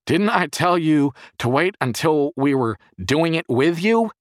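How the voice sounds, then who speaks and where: A man voicing a frantic, paranoid adult man who has gone days without sleep, yelling and rambling in a strained voice. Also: wildly swooping pitch, moderate pace, slightly rough, no echo, studio quality, heavily acted. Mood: furious. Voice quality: strained, shouting high voice.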